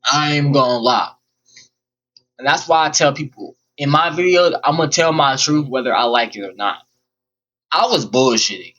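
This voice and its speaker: Young guy ranting a storytime, cussing a lot, bright tone, kinda muffled audio. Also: medium pitch, moderate pace. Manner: rambling, profane, blunt. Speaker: vlogger. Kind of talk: casual storytime monologue.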